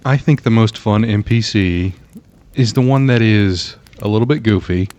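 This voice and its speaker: A man from Alabama, a game master, chatting casually on a podcast in an easygoing, halting way with frequent fillers. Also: on the low side, a little mellow. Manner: easygoing, halting, laughs at own jokes. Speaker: dungeon master.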